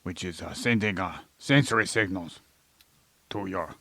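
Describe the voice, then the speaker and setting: A man co-hosting a casual comedy podcast, with a deadpan, mock-scientific manner. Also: sits low, unhurried, no echo. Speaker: podcast co-host.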